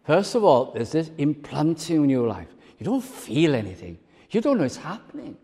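A man preaching a sermon in an emphatic way, swinging between strong declarations and quiet asides. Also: fairly high pitch, sing-song, normal speed, slightly rough. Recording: long reverb of a large hall.

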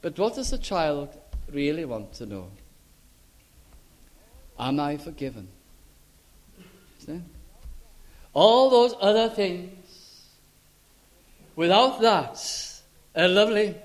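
A man with a notably high voice delivers a sermon. He talks earnestly and emphatically, drawing out the words he stresses. Then his voice sinks low and quiet at the close of each thought. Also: animated. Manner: earnest, emphatic, drawn-out stresses, voice drops low and soft at phrase ends. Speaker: preacher.

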